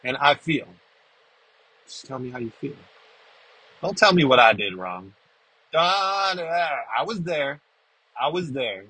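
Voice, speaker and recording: A man's voice: on the high side, animated, measured pace, pauses often, bright, forceful tone, husky, no room sound, poor audio. A man hosting a recovery podcast, talking freestyle in a blunt, casual way, swearing and checking in with "right?" as he goes. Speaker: podcast host.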